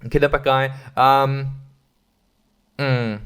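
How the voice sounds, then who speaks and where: A man's voice: mid-range voice, level tone, slow pace, a bit bright, clean tone. A man hosting a podcast, chatting casually about a film in a rambling, joking and profane way. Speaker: podcast host. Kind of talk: casual film-review chat.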